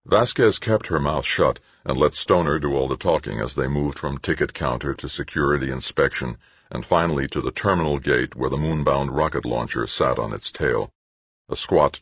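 A man reading a novel aloud in measured, scripted narration. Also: very deep voice, fairly bright tone, husky, no echo. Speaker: audiobook narrator.

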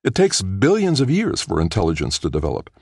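A man's voice: sits low, wildly swooping pitch, a little fast, creaky, darkish tone, husky, no echo, studio quality, pitched above the performer's own voice, heavily acted. A man voicing a sceptical woman scientist who challenges the meeting, in an audiobook reading. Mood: challenging. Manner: challenging, questioning.

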